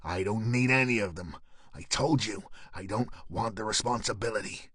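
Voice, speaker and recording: A man voicing a gruff, hot-tempered male detective inspector who shouts and swears. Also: on the low side, normal speed, no echo, clean studio sound. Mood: angry. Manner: loud, swearing, angry.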